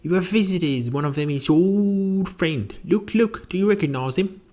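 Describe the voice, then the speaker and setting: A man voicing a fussy, prim old housekeeper woman in a shrill falsetto with a put-on British accent, gushing and flustered. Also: lively intonation, normal speed, darkish tone. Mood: chattering.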